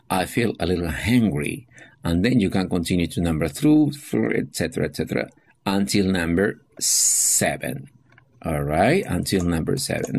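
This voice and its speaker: A man's voice: low-pitched, creaky, husky. A man teaching an English class, walking students through a workbook and often checking in with "okay?" and "all right?". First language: Spanish. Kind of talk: classroom explanation of a textbook lesson.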